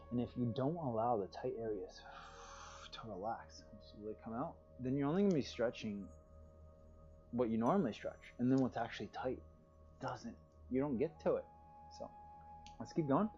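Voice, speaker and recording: A man teaching a guided yoga class over a livestream, with calm, soothing, drawn-out cues and sighs of relief. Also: medium pitch, highs cut off.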